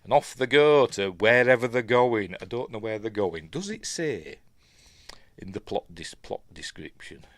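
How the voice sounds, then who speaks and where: A man's voice: on the low side, big pitch swings, measured pace, no room sound. A middle-aged man with a Yorkshire accent, chatting casually and rambling through a film commentary at home, often correcting himself. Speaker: film reviewer.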